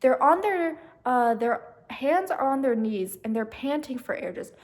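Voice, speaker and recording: Guiding a meditation, this young host of a meditation channel speaks in a gentle, slightly high voice with lively intonation. Her delivery slows and softens while she talks the listener through their breathing.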